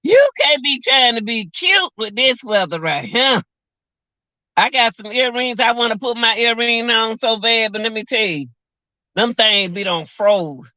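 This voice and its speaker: Woman vlog host around forty, laughs a lot, lively swooping pitch, bright tone, muffled lo-fi phone sound. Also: a little slow, no room sound. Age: about 40. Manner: laughs often, chatty and joking. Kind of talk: casual livestream chat. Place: outdoors by a car on a cold windy day.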